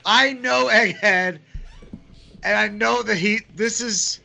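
A man's voice: high-pitched, takes it slowly, creaky, sharp tone. A man asking probing questions in casual podcast chat, amused.

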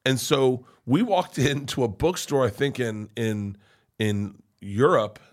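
This middle-aged comedian takes it slowly, speaking in a mid-range voice as he tells a rambling comic story on a podcast. He's animated, swears freely, and acts out the voices of the people in it.

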